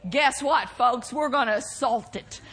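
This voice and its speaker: A woman preacher, delivering a sermon and breaking into loud, exaggerated laughter and whoops. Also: high voice, measured pace, husky.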